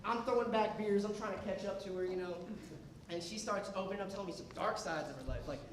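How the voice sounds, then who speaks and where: A man's voice: high-pitched, quick pace, far from the mic. A young man doing a stand-up comedy set in a club, telling a rambling story with restarts and asides. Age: young adult. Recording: echoey club with laughing crowd. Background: audience laughter.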